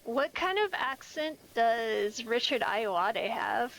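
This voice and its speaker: A woman's voice: on the high side, lively intonation, slow pace, gravelly, a bit bright, a little hiss or hum. An American woman streaming a game, chatting casually with viewers, reading their messages and often searching for her words. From United States. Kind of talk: casual chat with viewers while gaming.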